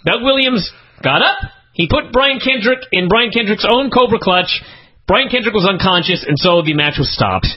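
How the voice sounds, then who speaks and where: Exasperated man with a husky, lively voice. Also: normal speed. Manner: exasperated, incredulous, swings pitch up for emphasis. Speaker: podcast co-host reviewing wrestling TV. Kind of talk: casual comedic review chat. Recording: dull lo-fi podcast audio.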